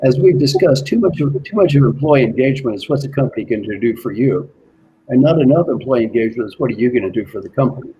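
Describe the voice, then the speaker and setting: A man working as an executive coach, giving an earnest motivational talk and slowly repeating his key questions. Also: mid-range voice, animated, dark tone, highs cut off, a little hiss or hum.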